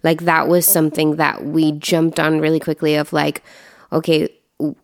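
A woman's voice: sits low, a little mellow, no room sound, clean studio sound. A woman co-hosting a casual faith podcast, reflective and conversational. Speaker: podcast co-host.

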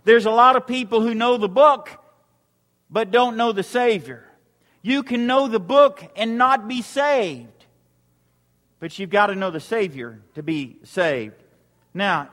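A man preaching in a high, bright register, repeating a question back to his congregation again and again. His words ring out with a long reverb that fills the large hall. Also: takes it slowly. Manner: repetitive call-and-response preaching. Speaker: pastor. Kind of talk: sermon. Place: church sanctuary.

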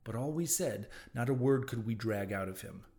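A man narrating a classic novel in the first person, with a measured, dramatic reading. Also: medium pitch, a little mellow. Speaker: audiobook narrator.

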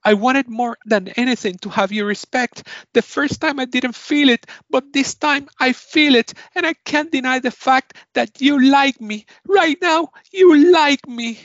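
A man imitating an emotional woman accepting an award, in a raised falsetto-like voice. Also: measured pace, few pauses, a bit bright, no room sound, dull audio. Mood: earnest.

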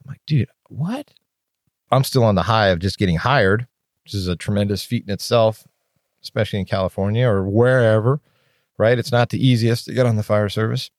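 Man, firefighter podcast host, low voice, dry close sound, blunt, candid, swears casually. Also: a little fast, no room sound. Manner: blunt and open, casual swearing, rambling restarts. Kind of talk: candid solo podcast monologue.

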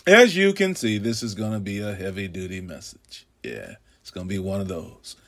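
A man preaching a sermon in a slow, drawn-out cadence, swinging from loud cries down to hushed whispers. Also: on the low side, expressive.

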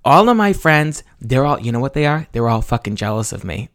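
A man's voice: medium pitch, very animated, fairly quick, fairly bright tone, dry recording, studio quality. Young man quoting a pushy drunk guy. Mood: boastful. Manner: rude, demanding, self-important.

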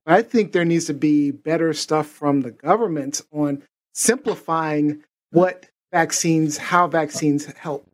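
A man's voice: fairly high pitch, measured pace. A man co-hosting a podcast panel, telling an anecdote in a chatty way and acting out what people said. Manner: chatty anecdotal, acts out quotes. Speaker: podcast co-host. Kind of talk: casual storytelling.

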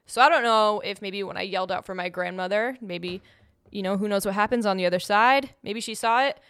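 A young woman casually telling a personal story, animated, acting out the voices she quotes and laughing now and then. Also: mid-range voice, brisk, smooth, no room sound.

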